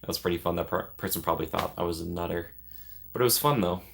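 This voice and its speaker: A man's voice: low voice, fast, vocal fry, fairly bright tone, slight background noise. A young man chatting casually as a vlogger, rambling and self-deprecating, laughing often. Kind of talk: casual chat.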